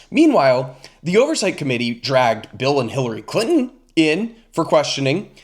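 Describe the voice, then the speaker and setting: A man's voice: a little high, very animated, normal speed, hardly any pauses. A man hosting a casual political reaction commentary, exasperated and chatty. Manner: exasperated, chatty, with frequent fillers.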